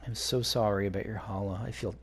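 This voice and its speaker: A man's voice: lowish voice, fairly even intonation, fast, slightly rough. A man rambling through casual gameplay commentary for a let's play, chatty and swearing when frustrated.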